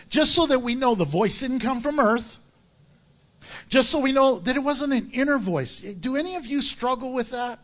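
A man's voice: very high-pitched, animated, moderate pace, a bit bright. A man, a pastor, preaching a sermon in a jokey way and acting out voices of the people he quotes.

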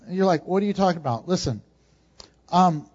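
A man preaching a sermon, swinging from emphatic, rising peaks to quiet, joking asides. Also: sits high, animated, fairly quick. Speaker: pastor. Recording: dull lo-fi sound.

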